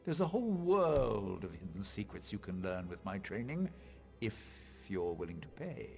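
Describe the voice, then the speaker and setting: A creepy traveler trainer in a fantasy video game, speaking in a gravelly, unsettling tone with lots of rise and fall. His voice hangs in a long, echoing reverb, as if heard across a large stone hall. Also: low-pitched, very animated, moderate pace, darkish tone, faint music behind, heavily acted. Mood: measured.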